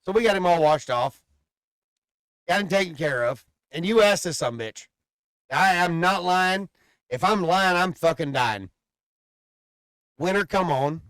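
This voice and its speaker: Higher-voiced man telling profane stories. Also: measured pace, pauses often, no room sound. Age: adult father. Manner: profane, animated rambling storyteller. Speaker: podcast co-host. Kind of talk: casual chat, storytelling.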